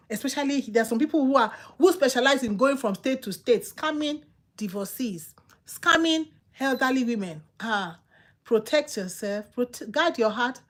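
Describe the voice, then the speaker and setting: A woman with a Nigerian accent, hosting a channel and giving casual, emphatic advice that she repeats for effect. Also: a little high. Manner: emphatic, repetitive, preachy. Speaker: channel host.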